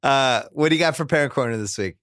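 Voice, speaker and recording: Middle-aged male host, mid-pitch, bantering about parenting with wry exasperation. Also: quick pace, fairly bright tone, clear, resonant tone, no room sound, clean studio sound. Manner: joking, exasperated parent stories. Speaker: podcast host. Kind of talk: casual chat.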